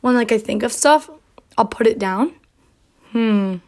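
A woman's voice: fairly high pitch, a little slow. Breathless, rambling young woman. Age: young adult. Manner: rambling, filler-heavy, with frequent "like" and laughs. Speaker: podcast host. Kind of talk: casual chat.

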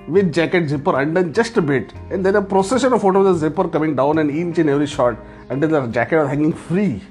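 A man's voice: on the high side, a little mellow. A man narrating a travel story in a sardonic, profane, humorous way. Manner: sardonic, profane, laughs as he talks.

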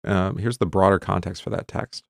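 A middle-aged pastor with a low, gravelly voice reads long scripture passages, his emphasis climbing on the pleading lines. Between readings he explains in loose asides with ums and quick restarts. The sound is dry and close, with no room behind him. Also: fairly even intonation, no echo. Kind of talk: bible reading and teaching.

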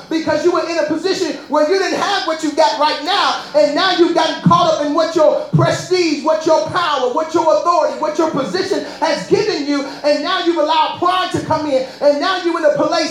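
A woman preaching a sermon in a lively, animated way, often laughing and calling out to the congregation. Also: high voice, fairly quick, hardly any pauses. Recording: echoey room.

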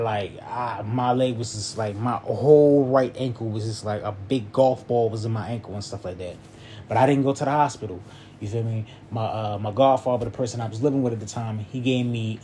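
A young man tells a personal story in a loose, easygoing ramble, checking in with the listener again and again. His voice is mellow and dark, at a middling pitch. A faint noise sits under the recording. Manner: loose, rambling, repeats "you feel me".

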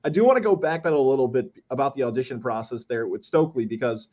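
A man's voice: mid-range voice, expressive, quick pace, dark tone. Man hosting over dull lo-fi audio. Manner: friendly, asks long follow-up questions. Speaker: podcast host. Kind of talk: casual interview.

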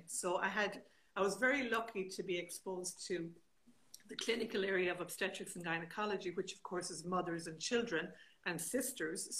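A middle-aged woman with an Irish accent, a guest chatting on a video call, an exuberant, animated storyteller. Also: fairly low pitch, low-quality recording. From Ireland. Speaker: guest singer-songwriter. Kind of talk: casual chat on a livestream.

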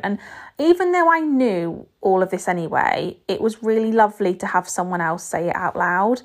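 A woman's voice: mid-range voice, lively intonation, brisk. Candid rambling woman podcaster. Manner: rambling and candid, with many fillers and restarts. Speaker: podcast host. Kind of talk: personal storytelling monologue.

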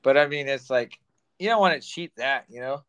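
A man's voice: mid-range voice, expressive, moderate pace, fairly bright tone, smooth. A man co-hosting a podcast in a loose, chatty way, laughing often. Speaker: podcast co-host. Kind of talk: casual chat.

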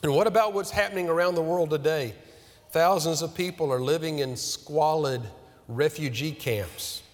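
Earnest preacher man in a reverberant hall. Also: on the high side. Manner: earnest, questioning, slowing for emphasis. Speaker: pastor. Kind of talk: sermon.

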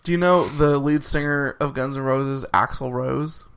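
A man co-hosting a podcast, talking in a relaxed, joking way. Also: mid-range voice, unhurried, vocal fry, clean tone. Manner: laid-back, joking, slips into silly voices. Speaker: podcast co-host. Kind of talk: casual chat.

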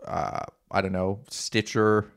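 A man co-hosting a comedy podcast, joking loosely with quick asides and frequent laughter. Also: low-pitched, little pitch movement, vocal fry, a bit bright, clear, resonant tone. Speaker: podcast co-host. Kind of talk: casual comedy podcast chat.

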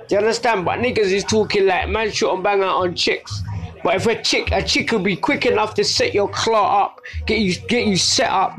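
High-pitched london guy ranting on his podcast, street slang, bit of music under it. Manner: animated, slangy rant. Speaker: podcast host. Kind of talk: casual monologue.

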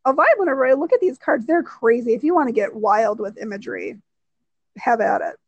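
Animated, foul-mouthed woman chatting. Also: fairly high pitch, brisk, dry recording, dull audio. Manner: swears freely, animated storytelling. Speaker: podcast co-host. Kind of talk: casual chat.

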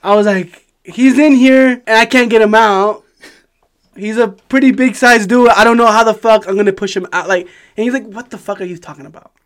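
A man, casually telling an animated, profanity-laden story on a podcast and laughing as he goes. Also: sits high, normal speed. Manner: animated, swears a lot, laughs while telling. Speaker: podcast host.

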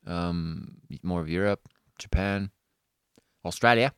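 A man's voice: sits low, slow pace, a bit bright, smooth, no room sound, studio quality. A young Canadian man co-hosting a podcast, joking around in casual chat, swearing casually and laughing often. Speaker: podcast co-host.

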